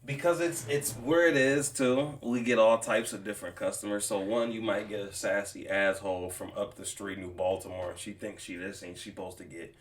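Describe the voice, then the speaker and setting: A man's voice: lowish voice, steady tone, brisk, few pauses, reverberant, far from the mic. A man guest in a casual chat who talks in laid-back slang and swears freely. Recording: off-mic with faint room noise.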